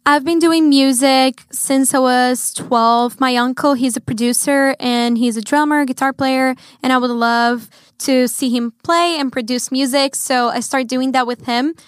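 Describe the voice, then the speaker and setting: A young woman from Brazil talks about her music in an upbeat, cheerful way, with a Brazilian Portuguese accent. Her voice sits high and bright in a dry, close recording with no room sound. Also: fairly even intonation, a little slow, clean tone, no room sound. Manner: upbeat, cheerful, laughs often. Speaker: guest singer. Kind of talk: casual interview chat.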